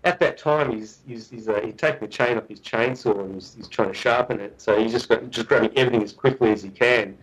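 A man, a guest researcher, telling a story in a chatty, animated way with frequent restarts. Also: mid-range voice, fast talker, hardly any pauses, poor audio. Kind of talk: casual storytelling.

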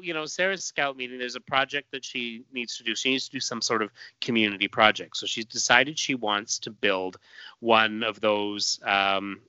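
A man's voice: medium pitch, bright, forceful tone, clear, resonant tone, no room sound, lo-fi sound. A man chatting casually on a podcast, telling a long story full of fillers and restarts. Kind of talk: casual chat.

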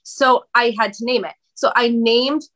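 A woman speaking as a podcast guest, her voice bright and sitting a little high. She talks in animated, expressive bursts. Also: moderate pace. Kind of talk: candid conversational interview.

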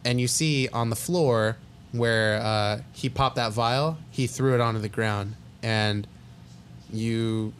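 A man's voice: mid-range voice, steady tone, takes it slowly. Young male game master, laid-back and loose, rambling with fillers; faint hiss behind. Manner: casual, rambling, lots of fillers. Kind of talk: narrating a tabletop game.

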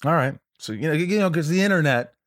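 Lively, animated middle-aged man. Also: on the high side, fast, no echo, studio quality. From Canada. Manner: animated storyteller, jokey. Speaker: podcast guest, actor. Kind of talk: casual chat.

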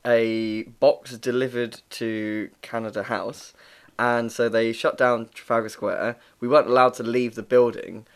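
A man's voice: mid-range voice, level tone, a little slow, smooth. A young man chatting casually as a podcast co-host, telling stories and laughing often. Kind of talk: casual chat. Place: works in London.

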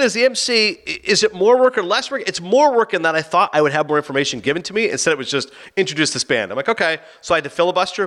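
Man, quick, bouncy pitch, bright tone, animated storyteller. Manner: animated, acts out dialogue in quick bursts. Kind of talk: casual storytelling chat.

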